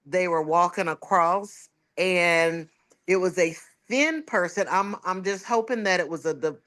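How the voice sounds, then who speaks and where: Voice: mid-range voice, a bit bright. A podcast co-host in casual chat, agreeing often and telling stories at length. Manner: chatty, agreeable, drawn-out storytelling.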